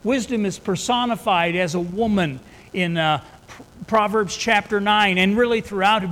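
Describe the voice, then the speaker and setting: A man preaching a sermon, reading scripture slowly and building to emphatic, fervent emphasis. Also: high voice. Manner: slow, emphatic Bible reading that rises into loud fervor. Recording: reverberant hall with faint background noise.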